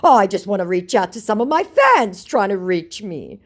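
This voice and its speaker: A woman voicing a pushy, overly sweet male online romance scammer in a raised, loud voice. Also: medium pitch, big pitch swings, normal speed, pitched above the performer's own voice. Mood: wheedling.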